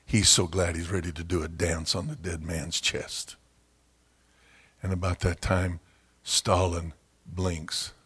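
A low-voiced man preaching from the pulpit, his tone husky and worn. He tells his stories with relish and jumps into loud, high-pitched shouts when he acts out the people in them. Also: flat delivery, slow pace, long pauses. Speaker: pastor. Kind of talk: sermon.

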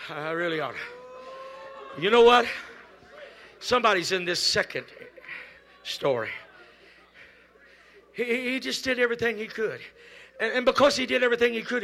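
Shouting preacher man. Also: slight background noise. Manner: swings from shouted exhortation to low hushed storytelling; repeats phrases and speaks in tongues. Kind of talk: Pentecostal sermon. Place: church service.

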